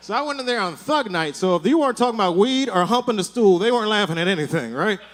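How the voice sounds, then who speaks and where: A man's voice: high-pitched, animated, fast. A male stand-up comedian doing a rambling set on a comedy club stage, speaking into a handheld mic and checking in with "right?" again and again.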